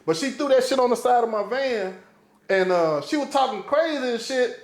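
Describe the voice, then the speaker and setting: A man's voice: extremely high pitch, moderate pace, echoey room. A man telling a story in casual podcast chat, cursing freely and acting out what people said. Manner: profane, animated storyteller, acting out quotes. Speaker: podcast guest.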